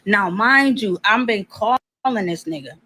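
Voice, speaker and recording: A woman tells a personal story in a casual, blunt way, with lots of swearing. Her voice sits at a middle pitch, and she acts out both sides of the conversations she describes. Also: animated, unhurried, sharp tone, rough recording.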